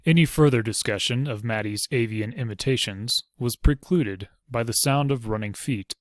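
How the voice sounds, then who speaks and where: A man's voice: medium pitch, normal speed, no room sound. Man narrating an audiobook, dry close sound.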